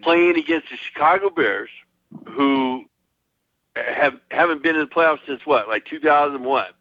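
A man's voice: on the high side, unhurried, muffled recording, soft background music. A man co-hosting a casual sports podcast, making emphatic predictions with lots of restarts. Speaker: podcast co-host.

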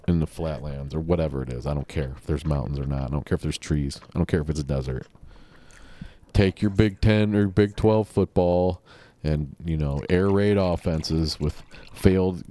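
A podcast host with a low, mellow voice chats casually on a solo podcast, rambling in an offhand and profane way. There's no echo.

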